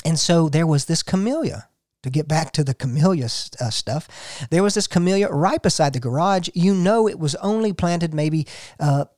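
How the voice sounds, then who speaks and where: A man's voice: on the high side, animated, moderate pace, a little mellow, dry recording, clean studio sound. A man hosting a gardening show, talking folksy and casual and telling a story to listeners he calls folks.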